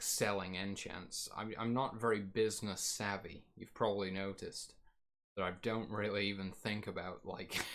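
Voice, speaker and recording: A man's voice: on the low side, fairly bright tone. A man streaming and chatting casually about his game plans, rambling and correcting himself as he goes, his voice getting a little worn.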